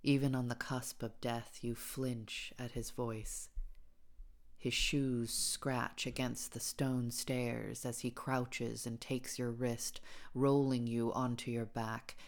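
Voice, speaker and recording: Very low-voiced, slow woman reading horror. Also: little pitch movement. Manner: hushed and deliberate, dropping into whispers at times. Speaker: audiobook reader. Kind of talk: scripted narration of a second-person horror story.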